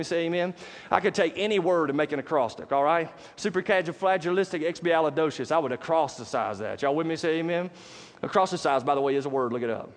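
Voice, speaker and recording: A pastor with a high, light voice preaches to his congregation. He keeps it conversational and calls for "amen" back from the pews. Long reverb from a large church hall follows his words. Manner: conversational, call-and-response with congregation. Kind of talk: sermon.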